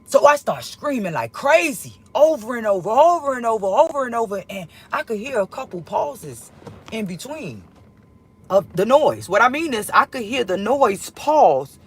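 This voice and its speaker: A woman telling a personal story in a casual monologue, emotional and profane, rambling and swinging between loud outbursts and hushed asides. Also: fairly high pitch, big pitch swings, moderate pace, slightly rough. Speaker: storyteller vlogger.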